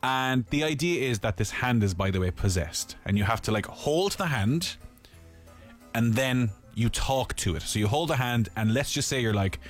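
Animated man, jokey storyteller. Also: mid-range voice, normal speed, soft background music. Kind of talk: casual chat recommending a film.

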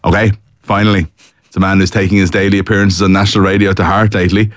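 Deep-voiced Irish quizmaster, dry studio sound. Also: male voice, little pitch movement, fast talker, no room sound. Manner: wry, teasing, reads scripted intros. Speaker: quizmaster host. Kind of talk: radio quiz hosting.

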